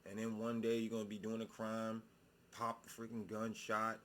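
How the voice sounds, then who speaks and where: Young man, low voice, slow stoned drawl, blunt rambling commentary, slight background hiss. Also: monotone, a bit bright. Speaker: reaction video host. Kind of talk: casual profane commentary.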